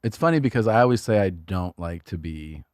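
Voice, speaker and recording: Deep-voiced guy rambling and swearing on a podcast, dry close mic. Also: lively intonation, a little fast, darkish tone, no echo. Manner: rambling, profane, self-mocking. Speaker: podcast guest, comedian. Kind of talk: casual chat.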